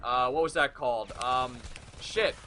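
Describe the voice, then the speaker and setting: A man's voice: medium pitch, a little slow, pushed and bright. A young man in his late teens giving a rambling, profane, jokey commentary over gameplay. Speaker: gaming video commentator.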